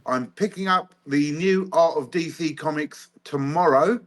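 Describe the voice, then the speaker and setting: A man's voice: on the high side, unhurried, fairly bright tone. A man speaking as a guest on a live stream, friendly and easygoing, with casual slang. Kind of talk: casual livestream chat.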